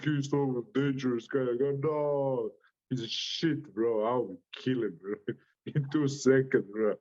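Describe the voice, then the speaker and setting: A man's voice: medium pitch, a little slow, darkish tone, lo-fi sound. A man with a Croatian accent, a boxer giving an interview full of brash, profane trash talk and frequent laughs. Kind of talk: interview reaction.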